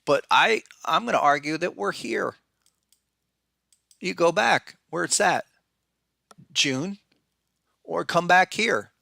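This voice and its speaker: Bright, blunt male market commentator. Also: high-pitched, expressive, slow pace, vocal fry, long pauses, dry recording, clean studio sound. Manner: blunt, conversational, thinks aloud with restarts. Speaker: podcast host and market analyst.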